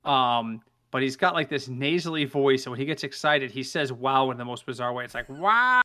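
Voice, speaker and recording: A man's voice: mid-range voice, steady tone, fairly quick, sharp tone. A man co-hosting a casual sports podcast, telling stories animatedly and laughing as he goes. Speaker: podcast co-host.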